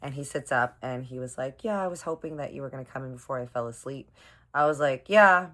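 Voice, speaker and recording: A woman's voice: a bass voice, quick pace. A young woman telling a dramatic storytime in a casual, chatty way, often calling her viewers y'all. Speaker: storytime vlogger.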